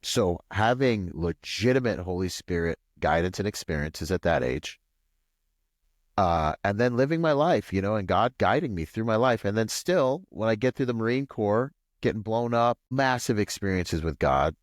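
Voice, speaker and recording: A man from Washington State, a podcast guest, telling a long personal story in a rambling, animated way full of "like" and "you know.". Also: moderate pace, no room sound, clean studio sound. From Washington State, USA. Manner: acts out quoted voices with pitch jumps. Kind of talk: casual storytelling interview.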